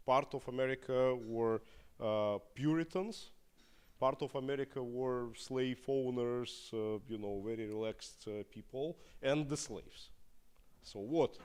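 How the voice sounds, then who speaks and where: A Russian man with a fairly low voice, speaking English as a second language. He answers questions at a live event in a halting way, with frequent fillers and restarts. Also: a little mellow, clear, resonant tone. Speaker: opposition politician guest. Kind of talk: live Q&A talk.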